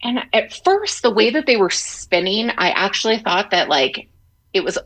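A woman co-hosting a podcast remotely, telling a story with a very lively, swooping pitch. She acts out quoted lines and fills her talk with "like" and quick restarts. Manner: fillers like "like" and restarts. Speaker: podcast co-host. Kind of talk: casual chat storytelling. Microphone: remote call.

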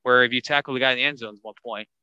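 A man hosting a casual sports podcast, talking in an animated way that gets higher when he drives a point home. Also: racing, smooth, no room sound, dull audio. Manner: animated, rising pitch when making a point. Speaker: podcast host.

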